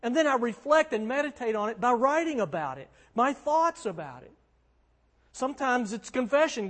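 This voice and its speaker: High-pitched male pastor, earnest chatty sermon, lots of repeating for emphasis, echoey church. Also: sing-song, moderate pace, a bit bright. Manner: earnest, conversational preaching with emphatic repetition. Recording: long hall reverb.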